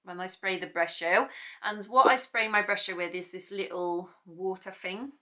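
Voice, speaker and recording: A woman's voice: mid-range voice, normal speed, pushed and bright. A British woman hosting an art tutorial, chatting casually to the camera with rambling, self-deprecating asides.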